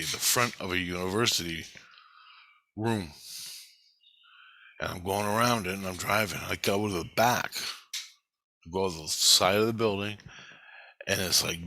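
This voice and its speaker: A man's voice: sits low, pushed and bright. A man talking in a rambling, profane monologue about a dream he had.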